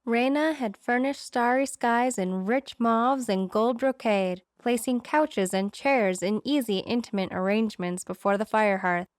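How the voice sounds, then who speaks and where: A woman reading a romance novel aloud in steady, expressive storybook narration. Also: fairly high pitch, unhurried, few pauses, dry recording, clean studio sound. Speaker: audiobook narrator.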